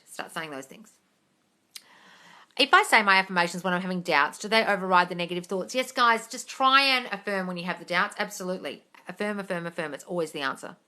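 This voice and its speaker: A woman's voice: lowish voice, lively intonation, a little fast, bright, forceful tone. A woman hosting a live manifesting Q&A on her phone, reading out viewer questions in a blunt, brassy way, swearing freely and calling people darling. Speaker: host of a manifesting Q&A live stream. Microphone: phone mic on a live stream.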